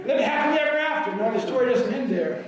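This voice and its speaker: A man preaching a sermon in a high voice, animated and often shouting. The mic sits well away from him. His words ring around a very echoey church hall. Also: fast talker, recorded from a distance, crowd noise. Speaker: pastor. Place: church sanctuary.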